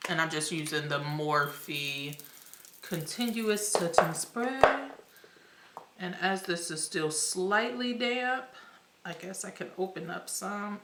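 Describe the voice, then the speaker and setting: A young woman filming a casual makeup tutorial, chatty and slangy with excited exclamations. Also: fairly low pitch, slow pace, noisy background. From United States. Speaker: beauty vlogger. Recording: echoey room.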